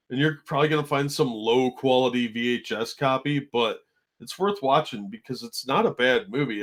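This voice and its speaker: A man co-hosting a casual stream chat, explaining his views in a steady, opinionated way. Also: mid-range voice.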